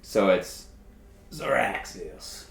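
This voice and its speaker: A man playing a tabletop game, playful and quick to giggle. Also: on the low side, expressive, vocal fry, echoey room. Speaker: player. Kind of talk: casual tabletop play.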